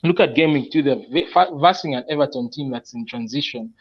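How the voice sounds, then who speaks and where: Walking through his fantasy football picks one by one, a male panelist thinks aloud in a relaxed online conversation and stops often to consider. His medium-pitched voice is slightly rough, and the audio is a bit dull and lo-fi.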